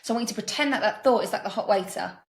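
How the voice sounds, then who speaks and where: Fast-talking woman coach in a roomy space. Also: mid-range voice. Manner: animated, acts out little dialogues in quoted voices. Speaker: guest mindset coach. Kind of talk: casual podcast conversation.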